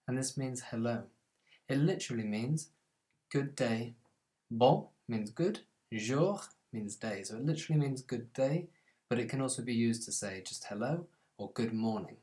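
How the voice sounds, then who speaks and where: A man gives a scripted French lesson in a mid-range voice. He says each French phrase slowly and with stress, then explains it in a calm, plain way. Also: mid-range voice. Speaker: French language teacher.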